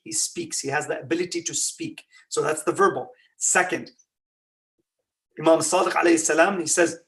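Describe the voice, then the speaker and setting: Animated lecturing man, slightly distant. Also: a little high. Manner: animated, conversational teaching with rhetorical questions. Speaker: religious lecturer. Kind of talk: Ramadan lecture.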